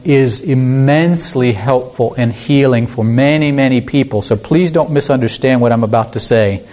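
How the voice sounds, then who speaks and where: Brief: male pastor, mid pitch, slow earnest sermon delivery, thoughtful pauses. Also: darkish tone, slight background noise. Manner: slow, earnest, reflective with frequent pauses and fillers.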